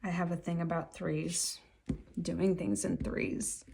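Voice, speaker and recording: Brief: unhurried woman with a lowish voice, thinking aloud over her artwork, tool clicks heard behind. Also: little pitch movement. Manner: musing aloud to herself while she works. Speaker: artist. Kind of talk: casual commentary while painting. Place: home art table. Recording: clear clicking noise behind.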